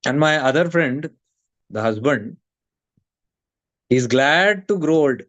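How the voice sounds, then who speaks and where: A man's voice: on the high side, lively intonation, takes it slowly, fairly bright tone, no echo. A man giving a casual spiritual talk, telling stories and acting out the people in them. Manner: storytelling, acting out quoted friends, mixing Hindi into English. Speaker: spiritual teacher. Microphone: streamed call audio.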